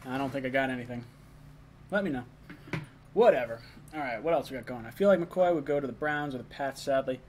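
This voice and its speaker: A man's voice: mid-range voice, animated, brisk, long pauses, slight background noise. A young man hosting a casual live stream, chatting loosely, reading chat messages and talking while eating.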